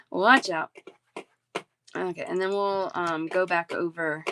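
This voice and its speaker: Woman, live sale host, chatty, gravelly voice, faint background noise. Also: on the low side, very animated, extremely slow, bright, forceful tone. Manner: chatty, reads chat aloud and rattles off prices. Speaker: bead seller hosting a live sale. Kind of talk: casual live-stream sales chat.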